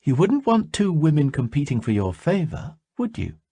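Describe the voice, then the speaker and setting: A woman's voice: sits low, sing-song, moderate pace, dark tone, slightly rough, no echo, pitched above the performer's own voice, heavily acted. A man voicing a playful young woman who teases a shy friend at a party, in an audiobook. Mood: teasing. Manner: playful, teasing.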